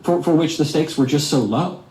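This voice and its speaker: A man on a talk show panel offering measured, analytical commentary. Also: fairly high pitch, darkish tone, reverberant, low-quality recording.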